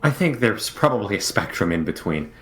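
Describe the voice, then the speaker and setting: A man playing a tabletop game in character, deadpan and often breaking into laughter. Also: lowish voice, brisk. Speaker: player. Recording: loud construction noise behind.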